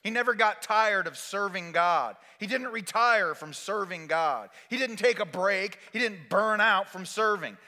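A man preaching a sermon as pastor, swinging between loud exhortation and quiet, intimate asides. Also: high-pitched, animated, unhurried, hardly any pauses, big-room sound.

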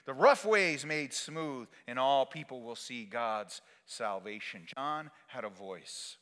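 A man preaching a sermon as pastor, swinging between loud exhortation and quiet, intimate asides. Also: mid-range voice, expressive, slow, long reverb tail.

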